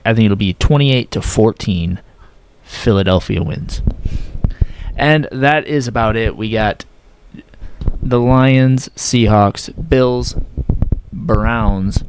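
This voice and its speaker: Young man, slightly low voice, casual, self-correcting, flat at times, sports picks. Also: a little hiss or hum. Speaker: sports predictions vlogger.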